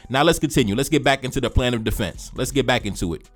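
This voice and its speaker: A man reading a historical document aloud, breaking off for animated, slangy asides and repeating phrases for emphasis. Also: mid-range voice, fast talker. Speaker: history commentator.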